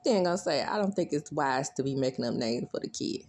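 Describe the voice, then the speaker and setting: A woman recapping a TV episode in a chatty, animated way, laughing often and squealing when she quotes lines. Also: sits low, brisk. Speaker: recap vlogger.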